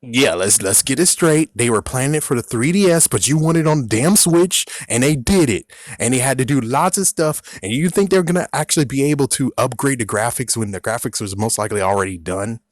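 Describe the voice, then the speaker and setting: A young man ranting casually in a vlog, exasperated, swinging from loud outbursts to muttered asides. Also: medium pitch, expressive, a little fast, hardly any pauses, dry recording, clean studio sound. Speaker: video creator.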